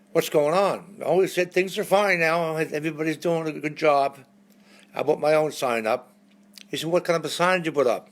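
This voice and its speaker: A man, telling folksy jokes and stories between songs on a live stream. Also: medium pitch. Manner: folksy storyteller, lively punchlines. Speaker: entertainer.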